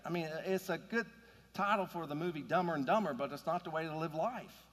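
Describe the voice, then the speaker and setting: A man's voice: on the high side, quick pace, fairly bright tone, in a large hall. A man preaching a sermon in an earnest, conversational way, building to emphatic points. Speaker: pastor.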